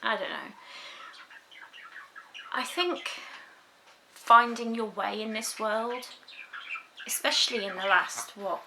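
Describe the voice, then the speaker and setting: Young woman, personal vlog, halting and reflective, unhurried delivery, some background noise. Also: fairly high pitch. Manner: thoughtful, halting, many ums. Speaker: vlogger. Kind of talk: casual personal talk to camera.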